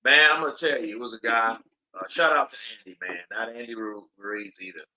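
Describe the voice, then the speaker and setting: A man's voice: mid-range voice, brisk, very noisy. A man hosting a boxing watch-along, chatting casually, telling stories and calling the fight live. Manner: loose, chatty, excitable, swears casually.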